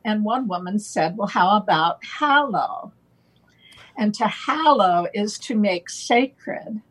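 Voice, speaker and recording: Woman guest, husky, unhurried, playful wordplay delivery. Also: medium pitch, animated, fairly bright tone, poor audio. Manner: playful wordplay, slow and deliberate, laughs often. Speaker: guest on a talk show. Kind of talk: relaxed conversational explanation.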